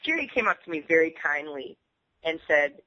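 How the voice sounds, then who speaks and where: A woman guest in a candid interview, telling stories in an animated way and laughing often. The sound is muffled, like radio audio. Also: low-pitched, moderate pace.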